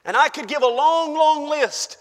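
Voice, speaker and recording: A man preaching a sermon to his congregation, emphatic, rising to shouts and dropping to hushed asides, calling out to the room. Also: very high-pitched, normal speed. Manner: calls out to the congregation. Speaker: pastor. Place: church. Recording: long church-hall reverb.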